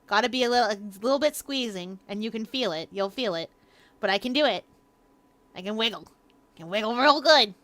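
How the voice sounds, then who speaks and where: A woman streamer talks casually over a game, rambling and playful, sometimes breaking into loud, silly outbursts. Her voice is bright and fairly high. The mic is close and the sound is dry. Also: animated, fairly quick, no echo. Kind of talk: casual gaming livestream chat.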